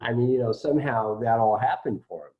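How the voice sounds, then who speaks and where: A man's voice: medium pitch, brisk. Musing man with a dull-sounding voice. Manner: musing, hesitant, many fillers. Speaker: spiritual teacher. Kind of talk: casual satsang talk.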